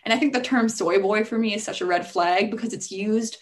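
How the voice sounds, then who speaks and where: A woman's voice: mid-range voice, a little fast. A young adult woman talking as a podcast guest in a casual interview, chatty and full of "like", acting out the voices she quotes. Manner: chatty, heavy use of "like", acts out quoted voices.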